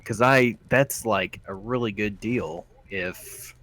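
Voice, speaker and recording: Low-ish voiced guy co-hosting a game stream, kinda hesitant, looking stuff up. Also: takes it slowly, fairly bright tone. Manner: hesitant, checks and reads out item details. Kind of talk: casual gaming chat.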